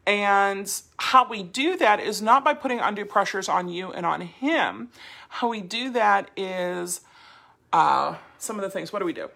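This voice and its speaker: A woman teaching a dog training class, explaining commands in a lively, chatty way with playful voice demonstrations. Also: on the low side, creaky, slightly rough.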